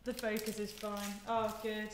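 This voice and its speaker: A woman's voice: medium pitch, little pitch movement, measured pace. A young woman chatting to viewers during a live stream as she cooks in her home kitchen, often laughing. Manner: chatty, giggly, talks to viewers while moving around the kitchen. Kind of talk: casual live-stream chat while cooking. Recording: echoey kitchen, faint noise.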